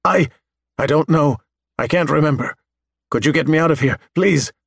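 Man doing a scared android, pleading, weepy, raised pitch, close dry sound. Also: brisk, vocal fry, dry recording. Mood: frightened pleading. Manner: panicky, pleading, almost weepy.

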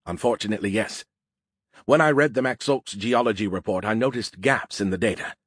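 A man's voice: fairly low pitch, fairly quick, fairly bright tone, slightly rough, no echo, studio quality. A man voicing a boastful, moody male AI in a beer can, speaking formally without contractions in an audiobook reading. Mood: troubled.

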